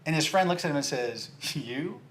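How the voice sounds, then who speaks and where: A man giving a sales training talk, telling a story and acting out its characters' lines with lively shifts in his voice. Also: a little high, fast, slight background noise. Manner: animated storyteller, acts out dialogue with big jumps in voice.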